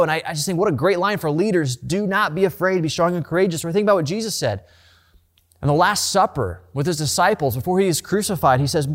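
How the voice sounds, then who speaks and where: A male pastor delivering a sermon from the pulpit. His voice sits a little higher than most men's. He speaks earnestly and conversationally, often doubling words as he restarts a thought. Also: lively intonation, fast.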